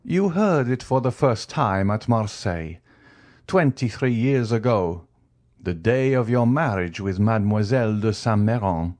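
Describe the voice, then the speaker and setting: A grave, implacable avenger, as a male narrator puts him on, speaking slowly and solemnly. His voice sits a little low and stays controlled. It belongs to a storybook reading. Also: lively intonation, darkish tone. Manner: measured, solemn, slow delivery. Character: cold, vengeful man returned from prison, calm and grave.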